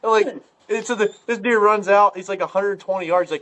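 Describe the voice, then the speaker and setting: Ohio man, casual podcast guest, animated storyteller, slightly high voice. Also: fairly quick, a little hiss or hum. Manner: animated, laughing, swearing, heavy on "like".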